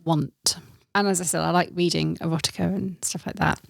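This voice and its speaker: A woman's voice: low voice, fairly even intonation, a little fast, gravelly, no echo. A woman co-hosting a podcast, chatting casually with a giggly, self-deprecating manner. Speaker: podcast co-host. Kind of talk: casual chat.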